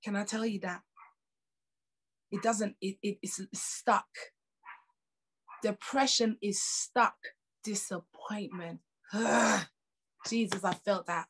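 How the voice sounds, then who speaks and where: A woman's voice: mid-range voice, steady tone, slow, pauses often, husky. A woman with a British accent delivering a sermon in an emphatic, conversational voice. She repeats her key lines and builds intensity, with casual asides. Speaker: preacher.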